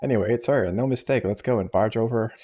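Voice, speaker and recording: A man's voice: lowish voice, quick pace, mellow. A man voicing a boastful, blunt male fairy sidekick with brash, slangy, teasing talk, reading game dialogue aloud. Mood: cheeky.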